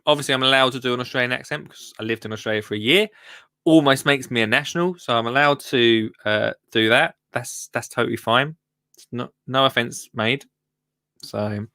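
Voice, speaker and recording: A man's voice: mid-range voice, a bit bright, no echo, clean studio sound. A man hosting a live gardening show, chatting casually in a rambling, jokey way and often breaking off mid-sentence. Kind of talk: casual live-stream chat.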